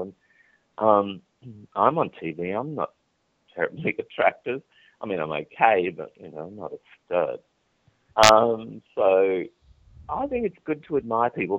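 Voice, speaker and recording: On a dry, tinny phone-style line without room sound, a man with a voice on the low side is interviewed as a TV presenter. He recounts candid stories in a chatty way, bringing the quoted dialogue to life.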